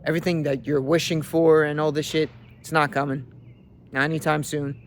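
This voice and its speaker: A man's voice: fairly high pitch, little pitch movement, a little fast, a little hiss or hum. A young man, a fitness coach, giving a brash, profane motivational rant from his car.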